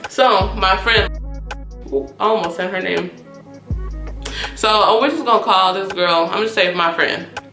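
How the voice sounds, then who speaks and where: A young woman telling a casual storytime vlog, animated and profane, acting out quoted dialogue with big jumps in pitch. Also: unhurried, pauses often, echoey room, music in the background. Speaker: YouTube storyteller.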